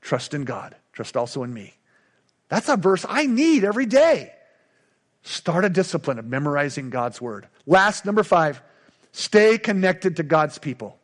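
A man's voice: fairly high pitch, very animated, unhurried. A middle-aged male pastor preaching a sermon with emphatic, repetitive call-and-response lines.

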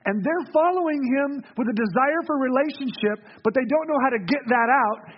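A man preaching to his church in a high, light voice. He tells stories and often sinks into quiet, hushed phrases for weight. The recording is dull and lo-fi. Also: slight background noise. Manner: storytelling, drops to soft hushed tones for emphasis. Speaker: pastor. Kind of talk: sermon.

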